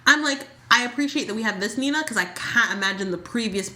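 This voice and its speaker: A woman's voice: on the high side, expressive, fast, bright, forceful tone. A woman co-hosting a casual podcast chat, chatty, often stumbling and restarting mid-sentence. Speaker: podcast co-host. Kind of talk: casual chat about a soap opera.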